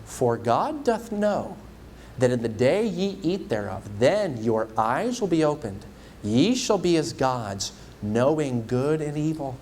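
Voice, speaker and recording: A male preacher voicing the serpent tempting Eve, dropping to a low, smooth, coaxing tone. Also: very animated, takes it slowly, darkish tone, slight background noise.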